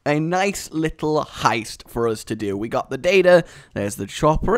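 A man hosting a gaming video with casual, jokey commentary, often excited and laughing. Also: mid-range voice, moderate pace, hardly any pauses, dry recording. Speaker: gaming channel host.

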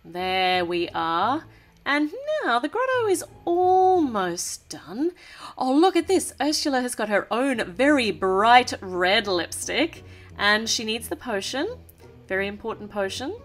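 Give me a chatty, cheerful woman narrating a toy build, with a bouncy voice that sits a little high. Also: big pitch swings, slow, fairly bright tone, faint music behind. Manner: chatty, cheerful, laughs often. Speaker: toy reviewer.

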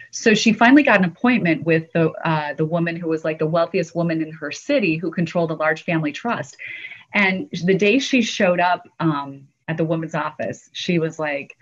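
A woman, a guest author, telling an anecdote in an interview and acting out the quotes with animation. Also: sits low. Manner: animated storyteller who acts out quotes. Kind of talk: storytelling in interview. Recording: dull lo-fi audio.

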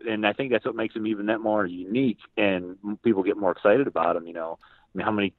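A man, a podcast guest, chatting casually and telling lively stories in which he acts out what other people said. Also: fairly low pitch, quick pace, no room sound. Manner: animated storyteller who acts out other people's lines. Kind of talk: casual storytelling chat. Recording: tinny phone-like line, dry.

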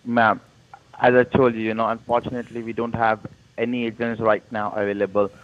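A man's voice: on the low side, level tone, brisk. A man working as phone tech support, formal and repetitive, politely deflecting. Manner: formal, repetitive, saying ma'am a lot. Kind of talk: phone customer service. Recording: muffled phone line.

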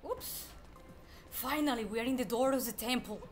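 A woman streaming a video game, excitedly chatting to the enemies she fights and repeating herself when frustrated, with game music faintly behind her. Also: fairly high pitch, normal speed. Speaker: gameplay streamer. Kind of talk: live gameplay commentary.

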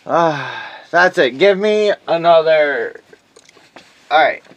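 A woman performing an amateur comedy skit, stammering and mumbling, with bursts of shouting. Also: low voice, animated, takes it slowly, dry recording, poor audio. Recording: music in the background.

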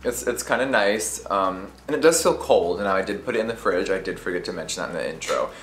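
A man's voice: low voice, expressive, brisk, echoey room. A man vlogging casually to camera as a beauty creator, sassy and giggly, swearing casually as he chats from a hotel room.

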